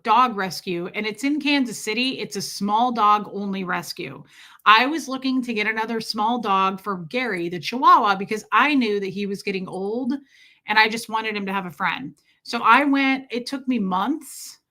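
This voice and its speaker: A woman's voice: mid-range voice, sharp tone. A woman hosting a casual livestream, chatty and gushing as she greets viewers by name. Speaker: livestream host. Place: Kansas City area.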